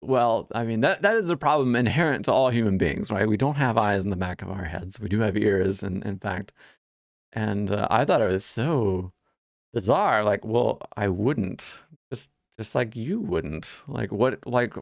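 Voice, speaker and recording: Gravelly guy chatting to camera, wry storytelling, lots of restarts, dry sound. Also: fairly low pitch, lively intonation, normal speed, no echo. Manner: chatty, many restarts and repeated words; wry, amused. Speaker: vlogger sharing life stories. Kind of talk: casual storytelling monologue.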